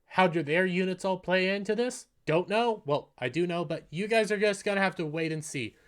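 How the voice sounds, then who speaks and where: A man's voice: sits high, animated, normal speed. A man hosting an anime review, recapping an episode in a casual, earnest way and often restarting and repeating phrases.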